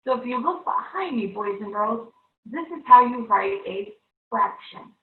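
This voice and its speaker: A woman's voice: fairly high pitch, expressive, unhurried. A woman teaching a televised math lesson to young students, upbeat and coaxing, constantly checking in with the class. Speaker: third-grade teacher. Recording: echoey room, far-off, thin phone-like sound.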